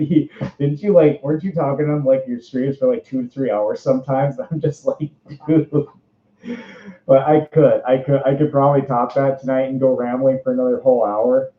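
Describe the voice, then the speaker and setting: A man in his twenties with a Minnesota accent, hosting a casual livestream interview. He talks from inside a costume suit, rambling, bubbly and quick to laugh. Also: mid-range voice. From Minnesota, USA. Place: indoors, speaking from inside a fursuit. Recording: roomy, dull lo-fi stream audio.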